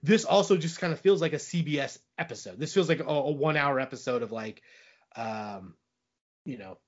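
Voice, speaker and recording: A man's voice: medium pitch, brisk, dull audio. A man co-hosting a podcast, chatting casually about a film in a rambling way, restarting sentences as he goes. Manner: rambling, with frequent restarts and hedging fillers. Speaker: podcast co-host reviewing movies. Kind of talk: casual chat.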